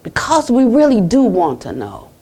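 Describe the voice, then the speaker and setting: An American woman Buddhist teacher giving a conversational dharma talk at a retreat center, retelling conversations and closing with a soft blessing. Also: a little high, wildly swooping pitch, moderate pace, breathy edge.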